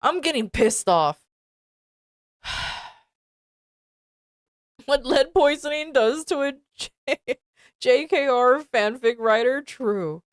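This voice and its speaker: A woman's voice: high voice, animated, slow pace, long pauses, dry recording, studio quality. A woman streamer reacting to a text she reads aloud, ranting and swearing in exasperated disbelief and repeating herself. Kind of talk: live-stream reading reaction.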